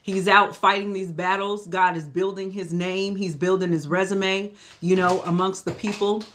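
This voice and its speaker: A Bible study teacher leading a live lesson in a relaxed, conversational way, often checking in with "you know?" and sometimes restarting a sentence to fix the wording. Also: medium pitch, normal speed, a little hiss or hum. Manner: restarts and self-corrections.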